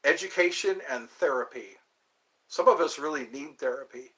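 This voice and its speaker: A man's voice: fairly high pitch, moderate pace, fairly bright tone. A man hosting a casual livestream chat, rambling and thinking aloud as he digresses from one topic to the next. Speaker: host.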